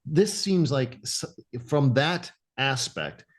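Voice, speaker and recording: A man's voice: on the high side, animated, takes it slowly. A man co-hosting a casual spiritual podcast, talking tentatively as he thinks aloud. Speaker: podcast co-host.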